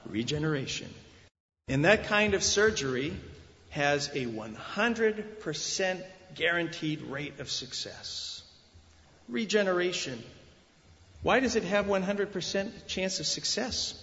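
A man preaching a sermon as pastor, emphatic, with deliberate pauses. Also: high-pitched, animated, a bit bright, in a large hall, dull audio. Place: church sanctuary.

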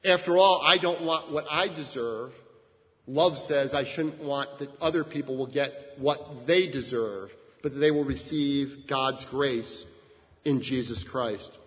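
A male pastor preaching a sermon in a conversational way, often checking in with listeners with a quick "right?" and leaning hard on key words. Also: medium pitch. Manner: conversational, frequent "right?" asides, lively shifts in emphasis. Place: church sanctuary. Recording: long reverb of a church hall.

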